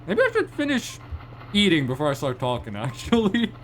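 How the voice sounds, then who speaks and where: A man's voice: a little high, wildly swooping pitch, moderate pace, a little hiss or hum. A young man streaming live, chatting casually and rambling in reply to his chat, often restarting his sentences.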